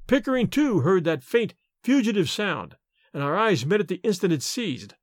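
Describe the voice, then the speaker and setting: Expressive man narrating a story. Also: sits high, normal speed, no room sound, clean studio sound. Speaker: audiobook narrator. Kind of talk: scripted narration.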